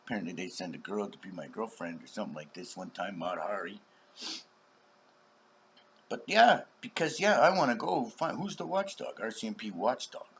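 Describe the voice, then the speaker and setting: A middle-aged man in a rambling, profane vlog monologue, dropping to whispers and bursting into shouts. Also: on the low side, expressive, moderate pace, vocal fry, a little hiss or hum. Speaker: vlogger.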